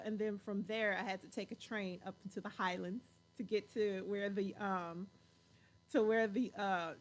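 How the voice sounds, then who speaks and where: A woman hosting a show, chatting casually in an animated way and laughing often. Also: mid-range voice. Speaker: show host. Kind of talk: casual chat.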